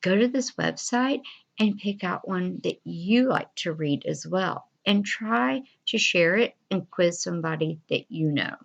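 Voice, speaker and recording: A woman teacher giving a recorded reading fluency lesson, encouraging and deliberate, with expressive pauses. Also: fairly low pitch, gravelly. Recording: dull lo-fi recording.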